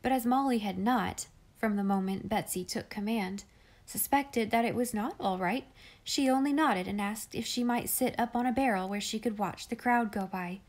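A woman reading a classic children's novel aloud in clear, measured storytelling. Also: on the high side. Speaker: audiobook reader.

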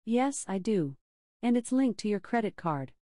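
Woman doing a teasing home-assistant voice, dry delivery, warm low-key tone, close dry mic. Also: very animated, normal speed, no room sound, close to an everyday voice. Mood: deadpan. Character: sassy female smart-speaker assistant. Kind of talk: comedy sketch.

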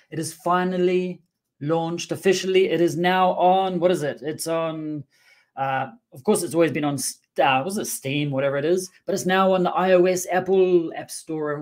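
A man's voice: sits high, darkish tone. A man hosting a casual livestream for a game studio, talking in a playful, joking and rambling way.

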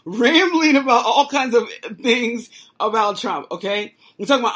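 A woman's voice: high voice, expressive, normal speed, hardly any pauses, a bit bright, breathy edge. Incredulous woman hosting political commentary. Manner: incredulous, laughing asides.

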